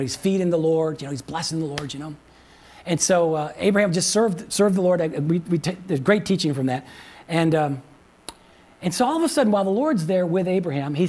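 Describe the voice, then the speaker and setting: A man's voice: sits high, fairly quick, darkish tone. A man preaching a sermon as pastor in a conversational way, repeating phrases and often asking the congregation questions. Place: church.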